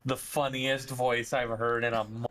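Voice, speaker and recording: Player, man, slow delivery, giggly, stumbles over words, faint background noise. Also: medium pitch, flat delivery, a bit bright. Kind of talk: casual chat at a game table.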